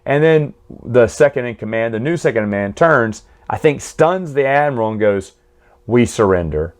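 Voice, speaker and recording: A man with a medium-pitched voice reviews comics and stories at normal speed. He's chatty and opinionated, often correcting himself mid-sentence.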